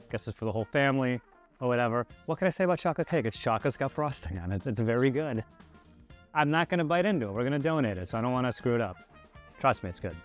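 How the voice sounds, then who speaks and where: A man in a casual food review, enthusiastic and offhand in his comments. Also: medium pitch. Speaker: food show co-host.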